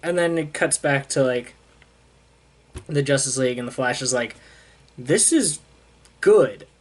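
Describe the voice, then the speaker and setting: A man's voice: mid-range voice, moderate pace, slight background noise. A young man, a comic book reviewer, casually recapping a story and paraphrasing the characters' lines as he goes. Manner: casual, retells scenes with "he's like" paraphrases.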